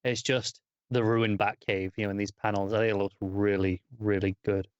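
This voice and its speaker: A man's voice: on the low side, level tone, moderate pace, clean tone, no room sound, dull audio. A man co-hosting a comics review podcast, chatting in an easygoing way with a few restarts. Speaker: podcast co-host. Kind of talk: casual comic review chat.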